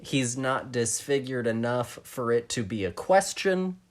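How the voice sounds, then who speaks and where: A man's voice: medium pitch, expressive, measured pace. Thoughtful man hedging through a film chat. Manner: thoughtful, hedging, many restarts. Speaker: podcast co-host. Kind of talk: casual film discussion.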